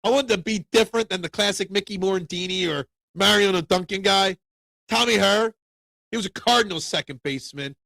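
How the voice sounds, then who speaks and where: Opinionated gravelly-voiced sports talk host. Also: male voice, high-pitched, a little fast, pushed and bright, no room sound. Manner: opinionated, rambling, answers viewer comments. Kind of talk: casual live-stream sports talk, reading chat.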